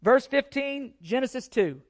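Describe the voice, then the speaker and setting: A man's voice: very high voice, animated, unhurried. A man preaching a teaching sermon, earnest and emphatic, repeating key points and asking rhetorical questions of his listeners. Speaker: pastor.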